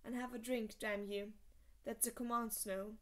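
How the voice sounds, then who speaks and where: A woman reading aloud, voicing a gruff, blunt old male lord commander who growls his commands. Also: on the high side, little pitch movement, a little slow, natural voice. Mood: stern.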